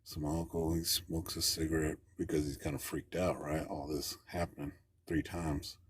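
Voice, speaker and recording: A man with an extremely deep, husky voice tells a story as a caller. His talk is plainspoken and rambling, with folksy grammar. The sound is close and dry. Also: flat delivery, normal speed, dry recording. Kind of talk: casual storytelling.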